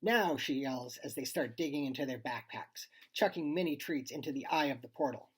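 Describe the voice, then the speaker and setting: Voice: medium pitch, fairly quick, slightly rough. A reader expressively reading a child's spooky short story aloud and acting out the dialogue.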